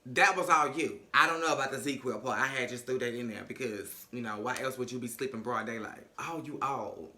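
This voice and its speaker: A man's voice: medium pitch, a little fast, few pauses, sharp tone. A man recapping reality TV in casual commentary, sassy, gossipy and full of cursing. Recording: echoey room.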